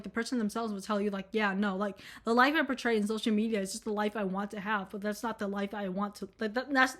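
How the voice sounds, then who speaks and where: A young woman attending college chats in an offhand, profane vlog monologue that meanders and is packed with fillers. Her voice is higher-pitched and slightly bright.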